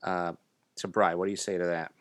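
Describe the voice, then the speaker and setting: A man's voice: low-pitched, little pitch movement, brisk, no room sound. A man co-hosting a podcast, laid-back and teasing, reading listener emails. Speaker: podcast co-host. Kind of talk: casual chat.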